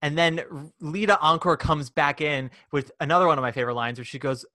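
A man co-hosting a casual chat about a musical, animated and acting out quoted lines. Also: fairly quick, no room sound, studio quality. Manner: animated, acts out quoted lines in high voices. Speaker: podcast co-host.

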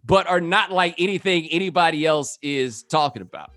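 Animated man chatting as a podcast guest. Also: on the high side, normal speed, no room sound. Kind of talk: casual chat.

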